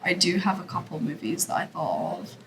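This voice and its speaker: A young woman chats easily on a podcast, hesitating often. Her voice sits low but moves up and down a lot. There is a clear background hiss on the recording. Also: lively intonation, a little fast. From Scotland. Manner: easygoing, hesitant, soft-spoken. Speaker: podcast co-host. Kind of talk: casual chat.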